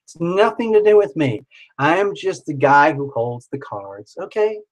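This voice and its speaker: Man, tarot reader on a live stream, slightly high voice, playful and jokey, sing-song asides. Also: big pitch swings, unhurried, poor audio. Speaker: tarot reader hosting a livestream.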